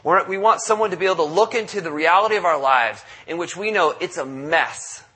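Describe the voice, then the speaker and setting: A man's voice: high-pitched, lively intonation, fairly quick, sharp tone, slightly rough. A man preaching a conversational sermon, acting out quotes and restarting often. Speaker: pastor.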